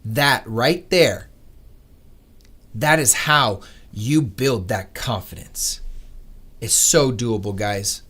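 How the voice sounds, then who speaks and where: A man hosting a live trading stream, talking to viewers in an earnest, animated, motivational way. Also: medium pitch, slow, pauses often, slightly rough. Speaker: day-trading livestream host. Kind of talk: casual livestream talk.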